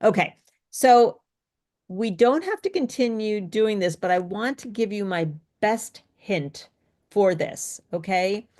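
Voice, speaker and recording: A woman's voice: medium pitch, lively intonation, slow, a little mellow. A woman speech coach teaching an online workshop in an explanatory, coaching way over a video call.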